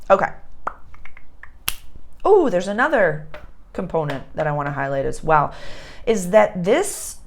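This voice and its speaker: A woman's voice: lowish voice, gravelly, a little hiss or hum. A young adult woman astrologer giving a casual lesson, chatty and repeating her phrases.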